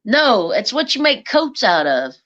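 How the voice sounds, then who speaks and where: A middle-aged woman telling stories in a teasing, animated way and laughing often. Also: a little high, a little slow, dull audio. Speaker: guest. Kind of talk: casual storytelling chat.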